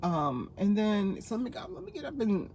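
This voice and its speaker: Woman, 50s, from New Jersey; casual vlogger, rambling anecdotes, quick laughs, lots of asides. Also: mid-range voice, sing-song, a little mellow, a little hiss or hum. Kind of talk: casual storytelling to camera.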